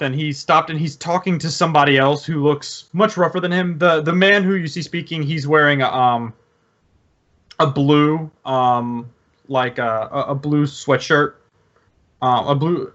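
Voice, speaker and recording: Game master, male, halting narration with frequent fillers, muffled lo-fi audio. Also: a little high, a bit bright. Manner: hesitant, many ums and restarts.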